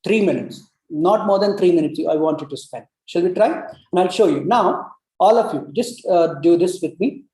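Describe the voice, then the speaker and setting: Breathwork teacher, soft warm tone, coaxing and repetitive, demonstrates humming; echoey room. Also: medium pitch, moderate pace, few pauses. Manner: coaxing, repeats cues, many "you know" fillers; demonstrates long humming sounds. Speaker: breathwork instructor. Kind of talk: guided breathing lesson. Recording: roomy echo.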